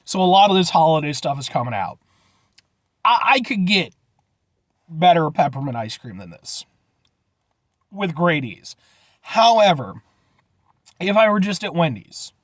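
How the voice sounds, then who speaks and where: A man's voice: on the high side, big pitch swings, moderate pace, long pauses, a bit bright, dry recording. A man giving a rambling, jokey casual vlog review, often addressing viewers as folks. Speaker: food reviewer.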